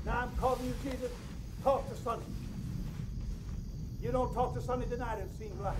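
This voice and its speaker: An actor playing a distraught preacher who hollers and pleads with God in a film drama. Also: male voice, very high-pitched, steady tone, normal speed, heavy background noise. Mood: pleading. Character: anguished male preacher shouting at God at night.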